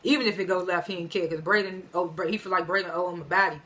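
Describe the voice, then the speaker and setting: Chatty slangy woman doing an episode recap, bright tone. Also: fairly low pitch, steady tone, fast talker. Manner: chatty, slangy, laughs between lines. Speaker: TV episode reviewer.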